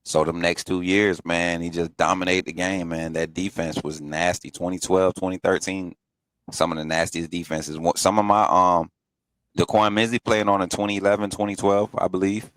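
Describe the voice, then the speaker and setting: Deep-voiced laid-back man chatting football. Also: level tone, normal speed, a bit bright, no room sound. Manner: laid-back, slangy, laughs often. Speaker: podcast co-host. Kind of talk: casual sports chat.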